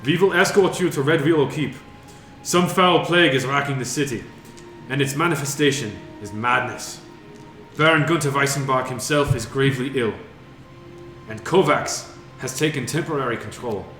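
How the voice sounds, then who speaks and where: A man voicing a burly, gruff male city gate guard, commanding and barking orders. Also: medium pitch, moderate pace, fairly bright tone, natural voice. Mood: stern. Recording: roomy echo with music behind.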